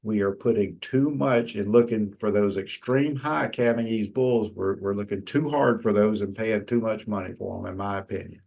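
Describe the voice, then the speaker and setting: A man's voice: lowish voice, normal speed, gravelly, hardly any pauses, a little mellow. A middle-aged man, giving a conversational lecture from slides, with frequent fillers and restarts. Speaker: extension lecturer.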